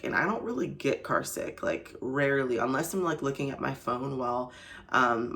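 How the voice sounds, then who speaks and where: A woman's voice: extremely low pitch, gravelly, fairly bright tone. A young woman vlogger telling a personal story to camera in a casual, chatty way, full of "like" and "you know". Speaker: faith vlogger.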